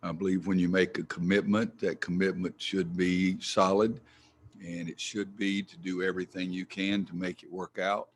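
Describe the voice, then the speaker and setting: A man's voice: low-pitched, little pitch movement, moderate pace, slight background noise. An older man, a head basketball coach answering press conference questions in a folksy, blunt way that gets worked up.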